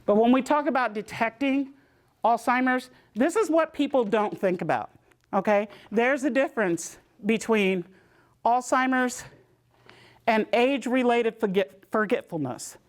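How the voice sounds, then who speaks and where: A woman gives a community health talk. She tells her own stories in a lively way and acts out the voices of the people in them. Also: on the high side, a little slow. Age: 60s. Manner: lively storytelling, acting out voices in quotes. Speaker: presenter.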